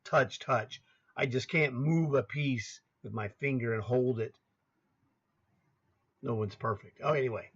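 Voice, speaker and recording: A man in his sixties coaches chess over a screen share on a laptop setup, speaking casually and calling out squares by name while grumbling to himself now and then. His medium-pitched, slightly rough voice is unhurried, with long pauses, and the audio sounds dull.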